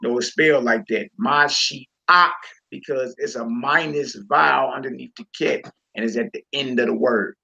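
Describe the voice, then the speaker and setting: A man's voice: mid-range voice, normal speed, vocal fry, hardly any pauses, bright, forceful tone, lo-fi sound. A man teaching a reading lesson, patient and encouraging, repeating words and checking in with the learner often.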